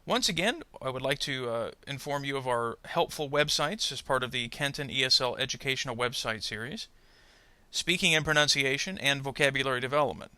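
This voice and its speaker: Bright, crisp-edged male teacher voice. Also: mid-range voice, no room sound. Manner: slow, deliberate, models example words twice. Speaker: English pronunciation teacher. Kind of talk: instructional narration.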